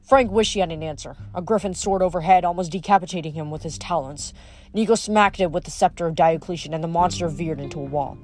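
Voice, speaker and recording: A reader narrating a novel aloud at a steady, even pace, with small slips corrected on the fly. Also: mid-range voice, fast. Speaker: audiobook reader.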